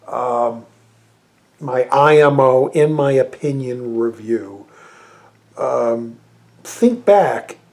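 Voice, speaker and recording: A man's voice: mid-range voice, mellow. A man giving a casual, rambling film review, exasperated and swearing freely. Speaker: movie reviewer.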